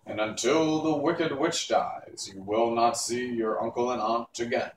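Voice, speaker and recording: A man reading aloud and voicing a stern giant magic head that gives slow, loud commands. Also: mid-range voice, reverberant, far from the mic, slight background noise, close to an everyday voice, low-quality recording. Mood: stern commanding.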